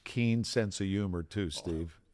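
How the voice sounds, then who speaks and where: A podcast co-host with a somewhat low voice, speaking in a measured way as he pays a compliment. The sound is dry, with no room echo. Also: darkish tone. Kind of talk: casual chat.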